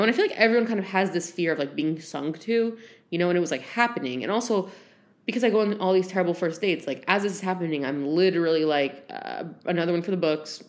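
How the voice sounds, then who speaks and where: A young woman hosting a podcast, telling a bad-date story in an animated, self-deprecating way with lots of "like" and "um". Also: fairly low pitch. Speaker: podcast host. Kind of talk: casual storytelling monologue. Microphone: handheld phone.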